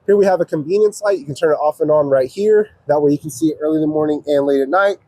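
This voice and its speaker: A man from an RV dealership walking viewers through a trailer, explaining each control in a steady, practical, step-by-step way. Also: fairly high pitch, quick pace, no echo. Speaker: RV dealership salesperson giving a walkthrough. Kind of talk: casual walkthrough demonstration. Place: outdoors around an RV, then inside it.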